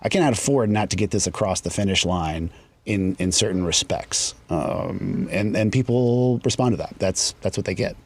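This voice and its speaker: A man, a realtor and guest, talking casually on a podcast and telling reflective stories that trail off into softer asides. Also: deep voice, animated, moderate pace. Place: studio.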